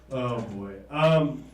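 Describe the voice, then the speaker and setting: A man in his thirties from the American South doing a stand-up set, halting and trailing off, often chuckling at his own jokes. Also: medium pitch, a little mellow, a little hiss or hum. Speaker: stand-up comedian. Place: comedy stage in a small room. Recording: roomy, distant live room recording.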